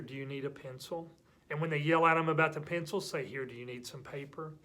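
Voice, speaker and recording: Middle-aged male church teacher, lively storyteller for kids, a touch high-pitched, drops from loud to hushed. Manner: animated storytelling, big swings between loud and hushed. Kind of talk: children's story lesson.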